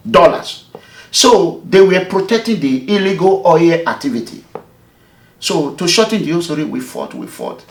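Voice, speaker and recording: Animated Nigerian man with an echoey sound. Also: a little high, normal speed. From Nigeria, Edo State. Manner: animated, emphatic, acts out the dialogue. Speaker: activist, movement leader. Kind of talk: interview, telling a story. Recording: echoey room.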